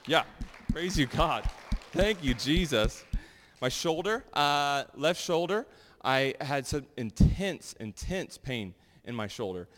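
A man giving a sermon and sharing personal testimonies in a loose, animated, conversational way full of fillers. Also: on the high side, slow pace. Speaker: pastor. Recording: long hall reverb.

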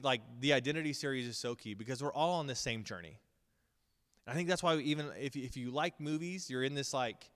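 A man's voice: mid-range voice, a bit bright. A man in his thirties teaching at a Bible school in a casual, earnest sermon style, with frequent ums and restarts. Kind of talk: conversational sermon. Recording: long reverb of a hall.

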